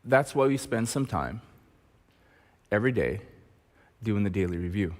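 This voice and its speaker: A male pastor with a lowish voice and lively intonation preaches a sermon at a moderate pace in a church auditorium, where the sound carries like a big room. His manner is conversational, and he often tosses rhetorical questions to the congregation.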